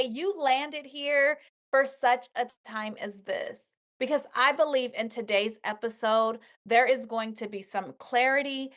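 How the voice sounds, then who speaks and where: A woman's voice: on the high side, fairly bright tone. Emphatic encouraging woman hosting a podcast. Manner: emphatic, encouraging, repetitive phrasing. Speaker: podcast host. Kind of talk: motivational podcast talk.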